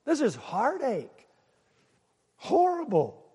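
High-voiced preacher in a reverberant hall. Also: male voice, huge pitch swings, slow, pauses often, breathy edge. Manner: dramatic preaching, swings from loud to hushed; asks the congregation questions. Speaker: pastor. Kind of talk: sermon.

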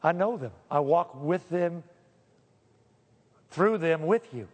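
A man pastors his congregation with a rather high voice. He swings from playful asides to earnest, solemn pleading. The sound carries a long church reverb. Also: slow pace. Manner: lively, shifts from joking to solemn pleading. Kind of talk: sermon.

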